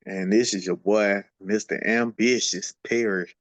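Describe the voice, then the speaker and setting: A man's voice: on the low side, steady tone, a little slow, no echo. A man co-hosting a casual podcast, laid-back and earnest, often saying "you know what I'm saying". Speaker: podcast co-host.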